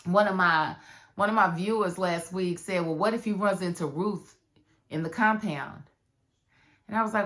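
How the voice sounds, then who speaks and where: A woman reviewing a TV drama episode in a casual, animated way, acting out the characters' lines. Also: fairly low pitch, moderate pace. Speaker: TV show reviewer. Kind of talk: casual recap commentary.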